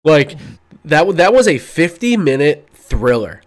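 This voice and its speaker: Excitable man gushing in casual chat. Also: fairly high pitch, measured pace. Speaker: podcast co-host.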